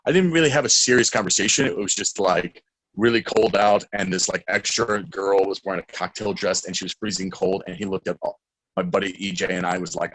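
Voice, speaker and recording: A young man, a guest in a casual interview, telling stories excitedly and acting out quotes loudly. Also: low-pitched, brisk, no echo, rough recording.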